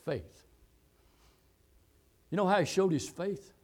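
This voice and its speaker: A man preaching a sermon, quoting scripture and repeating phrases, swinging between loud, high exhortation and low, quiet telling. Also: expressive, slow pace. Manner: reads and quotes scripture verses.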